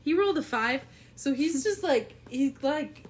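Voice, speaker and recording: A woman's voice: high-pitched, expressive, a little slow. A woman narrating a tabletop game as game master, giggly and full of fillers.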